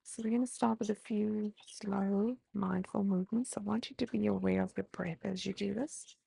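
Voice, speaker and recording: An Australian woman guides breathing and stretching as a mindfulness teacher, unhurried and gentle. Her voice is low-toned and mellow with heavy vocal fry and a rough, husky texture. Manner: calm, slow, gently instructive. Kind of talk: guided movement and breathing instruction.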